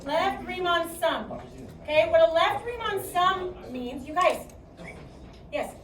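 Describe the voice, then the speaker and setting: A woman's voice: extremely high pitch, slow pace, a bit bright. A woman with a Chicago accent teaching a math class, projecting her voice and often checking in with "okay?". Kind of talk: classroom lecture. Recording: echoey classroom, distant mic.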